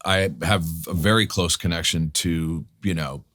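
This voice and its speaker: A man from New York telling animated, profane stories as a guest in a casual interview, acting out the people he quotes. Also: low-pitched, measured pace. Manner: animated, profane, restarts a lot, acts out quotes. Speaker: guest actor.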